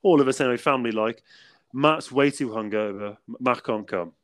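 A man's voice: mid-range voice, brisk. A young man, co-hosting a podcast and telling rambling stories in casual chat, with frequent laughs and fillers. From England. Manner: rambling storyteller, laughs often, many fillers. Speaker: podcast co-host.

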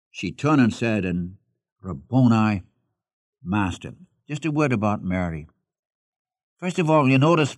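A man's voice: mid-range voice, no room sound. Dry-voiced man preaching. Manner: reads scripture aloud, then questions listeners directly. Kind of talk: expository sermon.

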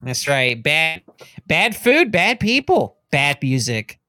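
Stammering grumbling male co-host, bright voice. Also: a little high, big pitch swings, slow, dry recording, studio quality. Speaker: podcast co-host. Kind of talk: casual chat.

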